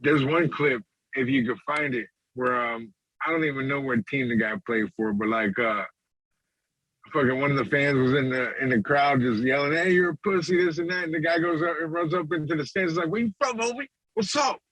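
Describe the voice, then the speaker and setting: A man's voice: medium pitch, fairly quick, fairly bright tone, no echo, low-quality recording. A man co-hosting a podcast, talking in a fired-up, profane, preachy way. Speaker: podcast co-host. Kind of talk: casual podcast chat.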